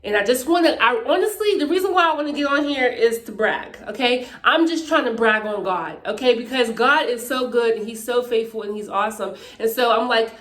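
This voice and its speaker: A woman's voice: a little high, a little fast, few pauses, fairly bright tone, roomy sound. A woman from Pittsburgh talking casually and emphatically to her vlog viewers, often checking in with "okay?". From Pittsburgh, Pennsylvania, USA. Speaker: YouTuber. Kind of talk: casual faith testimony vlog.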